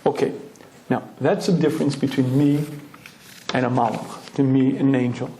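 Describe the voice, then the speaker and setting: Animated rabbi in an echoey room. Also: male voice, mid-range voice, moderate pace, slight background noise. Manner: animated storyteller, often clears throat. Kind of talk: storytelling Torah lecture.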